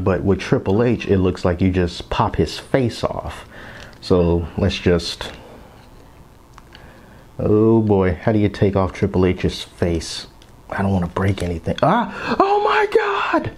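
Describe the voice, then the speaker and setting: Casting: man, thirties, lower voice, very lively rambling toy-review chatter, some whispered asides. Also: a little hiss or hum. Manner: chatty, rambling, drops into whispers so as not to wake his kids. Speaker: toy collector vlogger.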